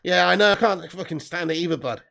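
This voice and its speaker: Man, live football watch-along host, high-pitched voice, excitable, swears a lot, laughs often. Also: fast, creaky.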